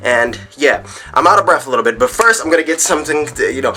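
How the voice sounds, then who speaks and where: A man's voice: a little high, expressive, fast, bright, forceful tone, faint music behind. A man vlogging about gaming and tech in a casual rant to camera at home, rambling with frequent restarts and repeated words.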